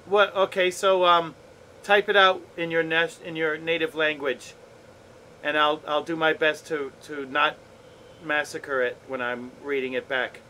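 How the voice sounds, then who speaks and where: A man's voice: a little high, little pitch movement, a little slow, pushed and bright, slight background noise, rough recording. A man streaming a game, chatting casually with viewers in a laid-back, playful way and swearing often. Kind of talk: casual chat with chat while gaming.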